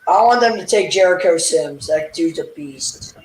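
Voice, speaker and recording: A man co-hosting a casual sports chat, excitable and blunt with slangy talk, heard with a roomy echo. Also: fairly high pitch, normal speed. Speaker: co-host.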